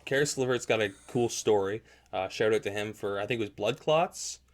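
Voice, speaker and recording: A man's voice: fairly low pitch, a little fast. A man hosting a casual basketball podcast, talking in a rambling way with frequent restarts. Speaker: podcast host. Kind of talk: casual sports chat.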